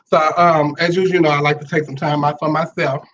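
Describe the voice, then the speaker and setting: A high-pitched man hosts a chatty late-night live stream, sassy and animated as he greets his viewers. The audio sounds dull and lo-fi. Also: fast, slight background noise. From Monroe, Louisiana. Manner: sassy, animated, calls viewers child and honey. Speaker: talk show host. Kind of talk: casual live-stream talk show.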